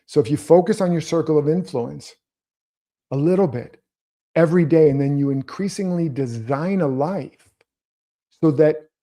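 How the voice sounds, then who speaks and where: A man's voice: a little high, normal speed, long pauses, mellow. A man hosting his own show, giving earnest motivational commentary and coaching his viewers directly. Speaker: host.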